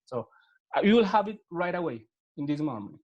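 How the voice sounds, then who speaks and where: The sound is lo-fi, carrying a slightly high male voice with big swings in pitch and a somewhat fast pace. A Latin American man teaching an online class by video call, he speaks English with a Spanish accent and patiently gives step-by-step instructions, repeating words as he goes.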